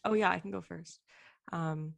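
A woman's voice: on the low side, moderate pace, gravelly, slight background noise. A young woman co-hosting a podcast, playful and giggly, chatting casually with many fillers. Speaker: podcast co-host. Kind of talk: casual chat.

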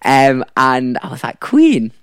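Young male podcast guest from South Africa, low-pitched, loose and chatty, tells stories with fillers. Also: normal speed. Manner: rambling, with fillers and laughs. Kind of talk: casual storytelling.

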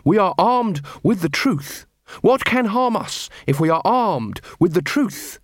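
A man's voice: high voice, lively intonation, a little slow, no room sound, clean studio sound, pitched above the performer's own voice. A man voicing an earnest, polite young watch corporal who speaks formally and by the book, in an audiobook reading.

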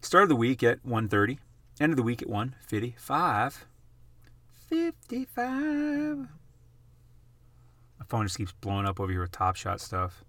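A man hosting his own channel, chatting casually over price charts in an excitable, emphatic way, repeating phrases for effect. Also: lowish voice, no echo. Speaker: YouTube host.

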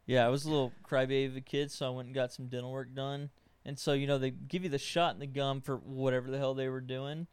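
A man's voice: mid-range voice, flat delivery, quick pace, few pauses, smooth. A man on a casual podcast, telling a self-mocking story.

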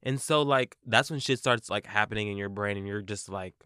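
A young man co-hosting a podcast, telling an animated, profane story in casual chat. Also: lowish voice, fairly quick, smooth, no room sound, clean studio sound. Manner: animated, profane, replays his own quotes. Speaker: podcast co-host.

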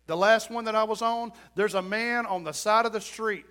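High bright-voiced male pastor preaching. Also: moderate pace. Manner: storytelling sermon with acted-out quotes and rising emphasis. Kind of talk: sermon. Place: church.

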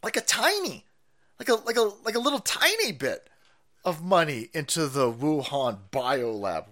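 A man putting on a flustered, stammering older male health official in a squeaky, shouting voice. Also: big pitch swings, normal speed. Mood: flustered mocking.

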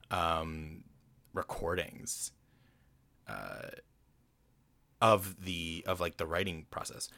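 Man, casual solo film recap, bright sharp tone, loose and rambling. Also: sits low, dry recording. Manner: rambling, swears casually, acts out quotes. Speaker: film commentator.

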